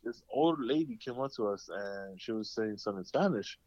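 A man's voice: lowish voice, lively intonation, a little fast, a little mellow, highs cut off. A man co-hosting a casual podcast chat, rambling through stories full of swearing and acted-out quotes. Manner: rambling storyteller, heavy swearing, acts out quotes. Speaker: podcast co-host.

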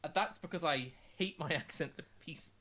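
A man's voice: on the high side, normal speed, pushed and bright. A young man with a northern English accent, co-hosting a podcast in casual, sweary, rambling chat. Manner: sweary, rambling, self-mocking. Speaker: podcast co-host.

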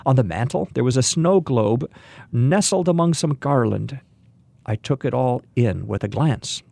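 A man narrating a story in a wry, gently humorous manner. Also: mid-range voice, lively intonation, measured pace, gravelly, no room sound.

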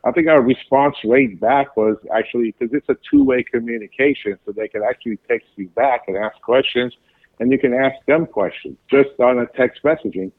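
A man talking as a guest in an interview, explaining at length with halting speech, frequent fillers and restarts. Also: mid-range voice, animated, no echo. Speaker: pharmacy business guest. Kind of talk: casual interview chat. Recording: tinny phone line.

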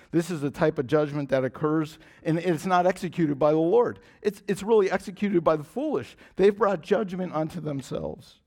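Earnest preacher man, fairly high voice. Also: moderate pace, few pauses, darkish tone. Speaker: pastor. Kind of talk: sermon.

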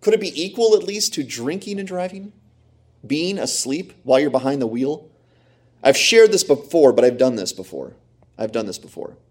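Middle-aged man preaching a sermon; emphatic, repetitive, mid-pitched, asks the congregation questions. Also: expressive, moderate pace, darkish tone, husky. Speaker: pastor.

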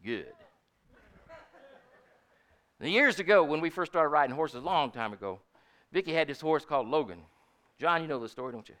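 A man's voice: fairly high pitch, lively intonation, moderate pace, pauses often, a bit bright. An older man preaching a sermon in a folksy, storytelling way, often asking his congregation "Amen?". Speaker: pastor.

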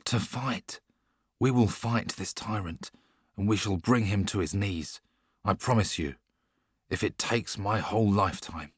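A man reading an audiobook, voicing a bold, defiant young male outlaw who turns loud and commanding when he shouts. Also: on the low side, measured pace, husky, dry recording, clean studio sound, voice pushed up. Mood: determined. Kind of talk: audiobook character voice.

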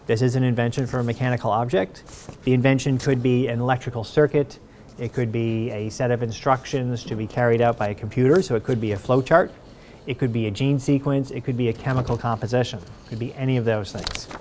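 A man's voice: medium pitch, fairly even intonation, fairly quick, a little mellow, a little hiss or hum. Methodical man lecturing on patents. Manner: clear, methodical explaining with rhetorical questions. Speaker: university patent counsel lecturing.

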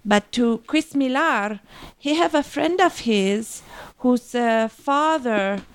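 A woman's voice: fairly high pitch, expressive, slow pace, clear, resonant tone, no echo. A woman co-hosting a podcast in casual chat, speaking chatty English with non-native grammar. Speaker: podcast co-host.

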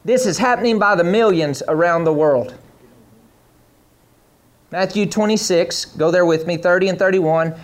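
High-voiced male preacher. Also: moderate pace, pauses often. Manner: preaching to a live congregation, reading scripture aloud. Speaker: pastor. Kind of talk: sermon.

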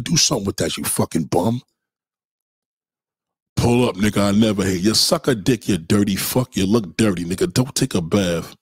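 A man's voice: fairly low pitch, slightly rough, dry recording. A man, from Brooklyn, hurling mocking, profane insults in a livestream rant. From Brooklyn, New York. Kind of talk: trash-talking livestream rant.

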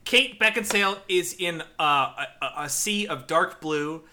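A man co-hosting a podcast in casual chat, excitable and laughing often, with frequent filler restarts. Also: high voice, unhurried. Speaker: podcast co-host.

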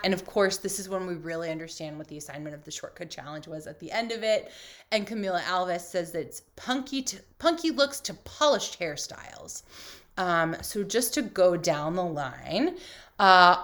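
A woman's voice: lowish voice, lively intonation, unhurried, a bit bright. A woman co-hosting a casual chat, recapping a reality show with snarky asides and casual swearing. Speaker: podcast co-host.

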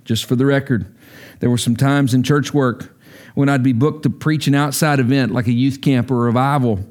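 A man's voice: medium pitch, steady tone, moderate pace, a little mellow. A middle-aged man preaching a sermon as a pastor, earnest and emphatic, his delivery rising sharply when stirred.

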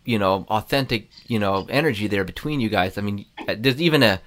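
A man's voice: fairly low pitch, a little fast, fairly bright tone. Chatty male interview host. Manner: chatty, many fillers and restarts. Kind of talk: casual interview chat.

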